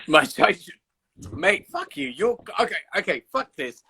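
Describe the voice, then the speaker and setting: A man's voice: high voice, very animated, a little slow, bright, forceful tone, slightly rough, rough recording. A man hosting a casual livestream chat over a video call, teasing his guest, swearing freely and telling stories with animation. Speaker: host.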